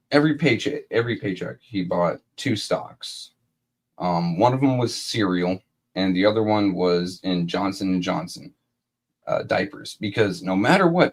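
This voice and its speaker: A man's voice: on the low side, breathy edge. A man co-hosting a casual live-stream chat, talking bluntly and swearing a lot. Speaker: co-host.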